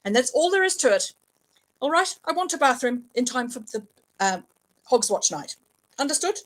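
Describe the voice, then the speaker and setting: A woman reading aloud, voicing a blustering, bossy older male wizard who talks loud and firm. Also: high voice, big pitch swings, moderate pace, poor audio.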